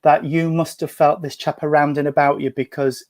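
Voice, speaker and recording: Medium, male, chatty and tender, fairly high voice, home video-call sound. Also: level tone, moderate pace, dry recording. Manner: chatty, gentle, full of endearments. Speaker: spiritualist medium. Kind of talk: mediumship reading in an online service. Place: at home at a breakfast table.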